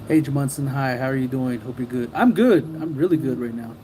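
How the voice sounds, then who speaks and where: Laughing man with a mellow voice, livestreaming. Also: medium pitch, a little fast, a little hiss or hum, rough recording. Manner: rambling, joking, laughs often, mimics people. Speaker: livestream host. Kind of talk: casual livestream chat reading comments.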